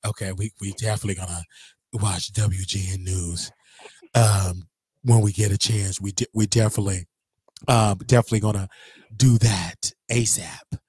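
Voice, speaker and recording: A young man hosting a casual livestream, talking in an animated, gossipy way and laughing often. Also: on the low side, moderate pace, husky, dry recording. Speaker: show host.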